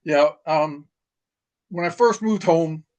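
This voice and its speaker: A middle-aged man tells stories of his service in loose, casual podcast chat. His voice sits a touch high for a man, and he circles back on his words with frequent uhs and restarts. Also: takes it slowly, a little mellow. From New York. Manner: rambling, many restarts and fillers. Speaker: podcast guest, retired Marine. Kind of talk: casual storytelling.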